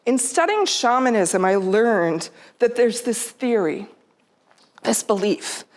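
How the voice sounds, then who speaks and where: Middle-aged woman, pitched a bit high, giving a heartfelt storytelling talk to a live audience. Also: animated, takes it slowly. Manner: heartfelt, quotes her own and her mother's words in her own voice. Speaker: speaker. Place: theater stage.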